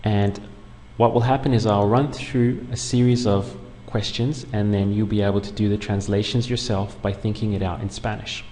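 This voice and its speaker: A man teaching a beginners' language lesson online, explaining patiently and clearly step by step. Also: fairly low pitch, flat delivery, normal speed, mellow. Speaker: Spanish teacher. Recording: long room reverb, faint background noise.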